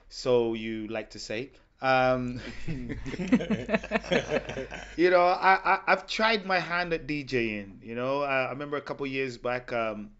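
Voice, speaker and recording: A man hosts a relaxed podcast conversation, telling funny stories with plenty of laughter. His voice sits at an ordinary pitch. The recording sounds slightly dull and lo-fi. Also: smooth. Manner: animated, laughing anecdotes. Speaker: podcast host, salsa event organizer. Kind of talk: casual chat, storytelling.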